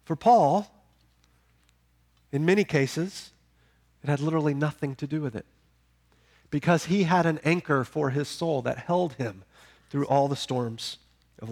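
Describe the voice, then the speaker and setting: Emphatic man preaching a sermon. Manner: emphatic, building to loud peaks then dropping low. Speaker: pastor.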